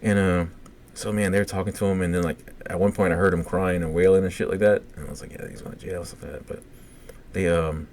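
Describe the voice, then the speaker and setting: A middle-aged man with a Cajun accent, co-hosting a podcast and telling a long story in a casual, profane, animated way, acting out the quotes. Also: low voice, fast talker. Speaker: podcast co-host.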